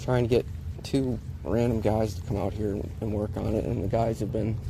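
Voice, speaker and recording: A man's voice: fairly low pitch, level tone, moderate pace, gravelly. A man ranting in a casual outdoor vlog, frustrated and laughing now and then. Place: outdoors near water. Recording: loud engine noise behind.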